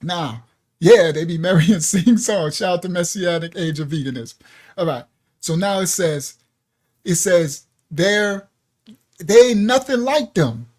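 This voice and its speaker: A man leads a livestreamed religious lesson, speaking straight to his viewers at home. He is loose and casual, yet he hits his points with emphasis and laughs easily. His voice sits a little higher than most men's. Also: normal speed, a little mellow. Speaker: ministry teacher. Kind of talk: livestream scripture teaching.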